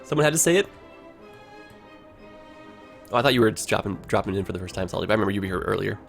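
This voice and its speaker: A man's voice: on the low side, lively intonation, very fast, vocal fry, soft background music. A man with a Toronto Canadian accent, chatting casually over his gameplay as a livestreamer and filling his talk with "like" and "you know".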